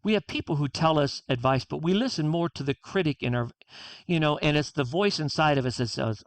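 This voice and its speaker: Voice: medium pitch, lively intonation, normal speed, no echo. A guest author on a podcast interview, talking earnestly and reflectively and acting out inner dialogue.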